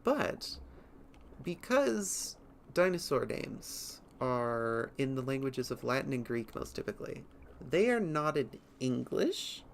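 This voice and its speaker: Slow, chatty streamer. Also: medium pitch, big pitch swings, gravelly, slight background noise. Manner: chatty, nerdy, rambling with giggles. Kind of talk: livestream gameplay commentary.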